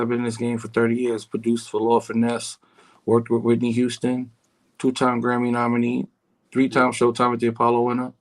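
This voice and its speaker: A middle-aged man with a New York accent, calm and smooth, talking as a guest on a casual radio show from his home. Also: medium pitch, rough recording. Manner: calm, smooth, laid-back. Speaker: guest singer and producer.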